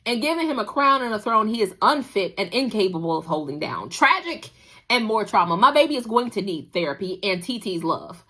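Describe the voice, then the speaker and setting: A woman's voice: mid-range voice, brisk, breathy edge. Sassy woman recapping a drama. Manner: sassy, animated, talks back to characters. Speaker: podcast host recapping a drama. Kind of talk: casual recap chat.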